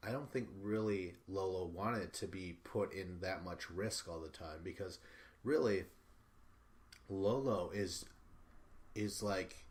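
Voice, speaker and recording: Rambling, profane male podcast host. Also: fairly low pitch. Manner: rambling, profane, full of fillers and restarts. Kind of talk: casual solo recap.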